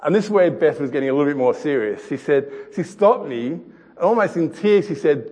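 A middle-aged man preaching a sermon, telling a family story with repeated words and soft chuckles. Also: a little high, expressive, fairly quick. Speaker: pastor. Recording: long hall reverb.

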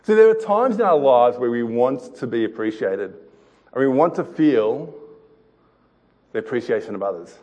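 Middle-aged man, pastor, sermon storytelling, repeated words, chuckles, average pitch, long hall reverb. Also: expressive, moderate pace, darkish tone.

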